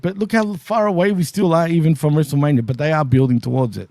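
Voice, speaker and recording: A man's voice: fairly high pitch, fast talker, dark tone, no room sound, clean studio sound. A man from Australia with an Australian accent, co-hosting a wrestling review show and laughing often in a laid-back way. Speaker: co-host. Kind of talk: casual wrestling review chat.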